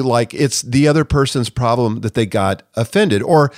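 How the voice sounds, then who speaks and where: A man's voice: medium pitch, moderate pace, hardly any pauses, a little mellow, no echo. Earnest man, dry close podcast voice. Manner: earnest, direct, acts out sample apologies in quotes. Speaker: podcast host. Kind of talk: conversational podcast advice.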